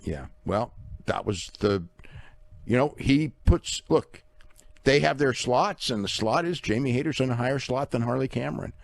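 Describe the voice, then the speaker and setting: A man's voice: mid-range voice, moderate pace, creaky. A man co-hosting a wrestling podcast who explains hesitantly, restarting his sentences. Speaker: wrestling newsletter podcast co-host. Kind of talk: podcast discussion.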